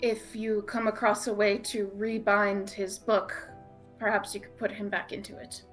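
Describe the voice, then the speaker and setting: A woman's voice: mid-range voice, flat delivery, moderate pace, soft background music. A woman playing a tabletop game, playful and giggly, switching between acting and describing. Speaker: player. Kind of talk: tabletop role-play, in and out of character.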